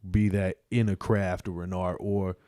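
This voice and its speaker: In a casual interview chat, a male podcast guest keeps things laid-back and full of slang, dropping plenty of "you know what I'm saying." His low, warm voice holds a level tone at normal speed, and there's no room sound.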